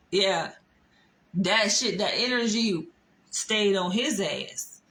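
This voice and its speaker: A woman vlogger tells a story, swearing often, laughing, and stressing her words emphatically. Her medium-pitched voice is fairly bright and she draws out her words. The recording is rough, with faint background noise.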